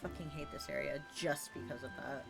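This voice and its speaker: A man's voice: fairly high pitch, fairly even intonation, a little fast, vocal fry. A trans man streaming a role-playing game in casual chat, laughing, swearing and poking fun at himself. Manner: laughing, swearing, self-mocking. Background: game music.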